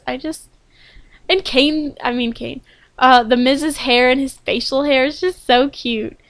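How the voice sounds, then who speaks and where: A young woman talks straight to her camera in a loose, gushing vlog chat, her voice sitting a little high. She fills her pauses with ums and piles on enthusiasm as she goes. The sound is dry and close, with no room around her. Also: creaky, a bit bright, no echo. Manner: bubbly and gushing, many ums. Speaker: wrestling fan vlogger.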